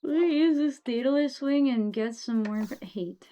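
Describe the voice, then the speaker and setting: Her voice high and warm, a young woman talks at normal speed while gaming on a live stream. She's tired and keeps yawning, chatting casually with viewers and swearing a lot.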